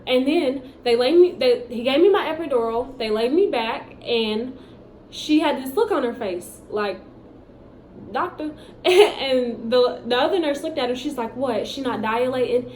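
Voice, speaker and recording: A young woman telling her own story in a casual, animated way, acting out what people said. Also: on the high side, a little slow. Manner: animated, chatty storytelling with acted-out quotes. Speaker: vlogger. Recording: echoey room with faint background hum.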